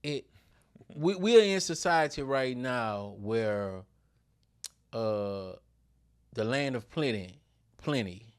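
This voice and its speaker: A man's voice: mid-range voice, expressive, slow, long pauses, smooth. A man, telling stories emphatically in a casual podcast chat. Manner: storytelling, emphatic, Southern vernacular. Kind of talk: casual conversation.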